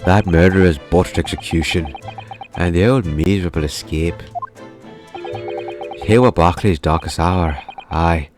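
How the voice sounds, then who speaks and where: A man voicing a gruff older prison governor in an attempted Scottish accent, blustering and hearty, reading game dialogue. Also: low voice, measured pace. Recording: game music behind voice.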